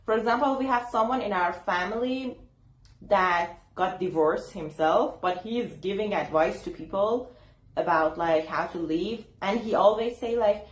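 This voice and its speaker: A woman's voice: medium pitch, moderate pace, roomy sound, rough recording. A young woman talking casually to camera in an advice vlog, chatty and full of fillers, acting out what people said. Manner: chatty, lots of fillers, acts out quotes. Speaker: YouTuber.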